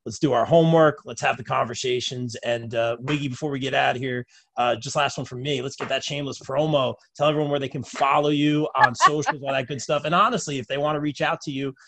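A man's voice: medium pitch, fairly even intonation, quick pace, creaky, fairly bright tone, dry recording. A man hosting a podcast, affirming his guest in loose, casual chat full of fillers. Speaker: podcast host.

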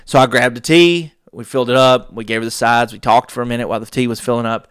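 A man tells a story on his podcast. He acts out each voice in it with lively energy. The sound is dry and close, with no room echo. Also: medium pitch, fast, hardly any pauses, smooth. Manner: animated storyteller acting out quoted dialogue. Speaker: podcast host. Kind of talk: storytelling monologue.

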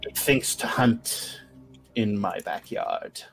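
A man's voice: slow, vocal fry, a bit bright, heavily acted. A man voicing a sly, bargaining ancient witch grandmother in a tabletop game. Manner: sly, bargaining, swooping pitch.

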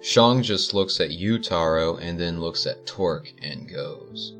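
A man narrating a tabletop role-playing game as game master, talking in a relaxed, halting way with many fillers. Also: sits low, soft background music.

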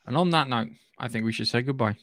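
A man's voice: mid-range voice, fast, a bit bright, no echo, studio quality. A man co-hosting a podcast in casual, rambling chat. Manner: chatty, rambling, restarts often. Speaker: podcast co-host.

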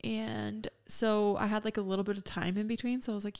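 In this casual podcast chat, a young female co-host tells giggly, chatty stories packed with "like"s. She talks briskly with hardly any pauses, her mid-range voice smooth and darkish and her tone level.

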